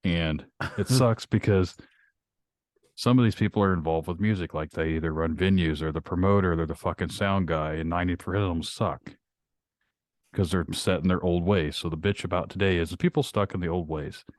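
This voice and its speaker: Blunt, profane man ranting in a low voice. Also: fairly quick, no room sound, clean studio sound. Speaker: podcast host. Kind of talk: casual ranting chat.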